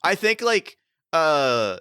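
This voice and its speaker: Bright-voiced excitable man running a game. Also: a little high, extremely slow, clean tone, no echo, clean studio sound. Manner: laughs often, excitable, animated. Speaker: game master and podcast host. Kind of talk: casual tabletop role-play.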